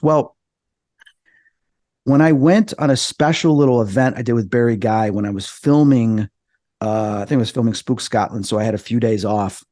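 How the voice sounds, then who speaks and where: A man appearing as a podcast guest, telling a story in an excitable, animated way. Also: moderate pace, dry recording, studio quality. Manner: excitable, acts out quoted voices with big jumps in pitch.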